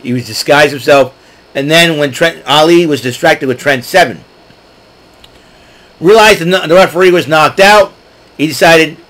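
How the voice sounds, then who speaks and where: A man hosting his own show, recapping events in a chatty, excitable way and clearing his throat often. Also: on the high side, normal speed, long pauses, poor audio. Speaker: podcast host. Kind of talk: casual solo recap.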